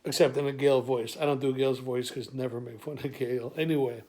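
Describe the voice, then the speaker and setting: A man's voice: mid-range voice, steady tone, a little fast, warm tone. Wisecracking man. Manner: streetwise, wisecracking, stammering asides. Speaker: comic monologuist. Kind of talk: improvised comic storytelling.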